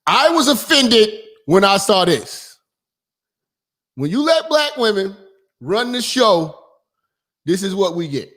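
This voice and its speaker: High-voiced, animated man hosting a crude radio rant. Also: slow, pauses often. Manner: loud, rambling, profane, laughs often. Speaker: radio show host.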